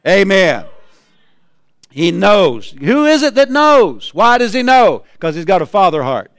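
A male pastor preaching a sermon, calling out to his congregation and building repeated refrains into shouts. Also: sits high, very animated, unhurried, clean tone, no echo, studio quality. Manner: calls out to the congregation.

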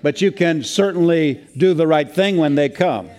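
A man's voice: a little high, moderate pace, a little mellow. A male pastor preaching a sermon in a folksy way, with many fillers and restarts.

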